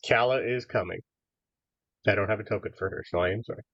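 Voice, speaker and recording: A man's voice: on the low side, fast, fairly bright tone, dry recording, lo-fi sound. A man narrating as game master of a tabletop game in a casual, filler-heavy way.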